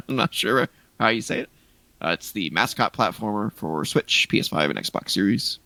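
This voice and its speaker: A man's voice: lowish voice, expressive, normal speed, sharp tone, no echo. A man co-hosting a gaming podcast in casual chat, rambling through a list of game releases with restarts. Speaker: podcast co-host.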